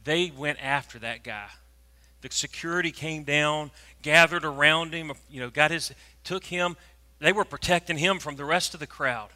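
A preacher, telling a story in a sermon and swinging from hushed tones to loud, animated moments. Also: male voice, a little high, normal speed. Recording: long reverb of a large hall.

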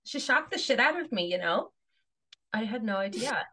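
A woman's voice: a little high, lively intonation, moderate pace, pushed and bright, breathy edge. A woman co-hosting a podcast in casual chat, teasing and joking crudely. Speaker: podcast co-host.

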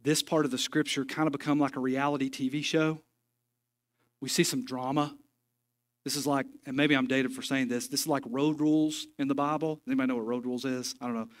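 A man's voice: mid-range voice, little pitch movement, fairly quick. A man preaching a sermon in a church, folksy and joking, with emphatic stretches. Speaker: pastor. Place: church sanctuary.

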